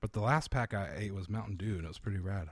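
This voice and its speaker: Low-voiced man, loose rambling chat. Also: fast talker, breathy edge, no echo, clean studio sound. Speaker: podcast guest. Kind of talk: casual chat.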